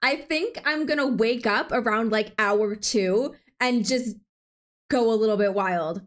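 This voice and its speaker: High-voiced young woman streamer. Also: measured pace. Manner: rambling, laughs often. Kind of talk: casual chat while gaming.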